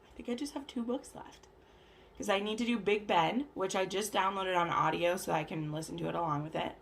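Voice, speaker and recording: A woman's voice: mid-range voice, a little fast, creaky, a little hiss or hum. A woman vlogger in casual book chat, talking in a loose, chatty way full of "like" and "um". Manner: chatty, lots of "like" and "um", acts out characters' lines. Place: home bathroom, camera hung on shower curtain.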